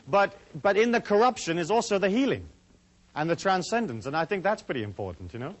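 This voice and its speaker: Male seminar speaker, a touch high-pitched, loose and conversational, full of "you know" asides. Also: very animated, fairly quick, a little hiss or hum. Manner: rambling, chatty, many "you know" asides. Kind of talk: casual lecture to a live audience.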